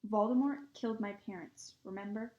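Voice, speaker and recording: A woman's voice: medium pitch, brisk, dull audio, close to an everyday voice. A woman voicing a determined, defiant boy wizard in a storybook reading, speaking urgently and insistently, in an echoey room.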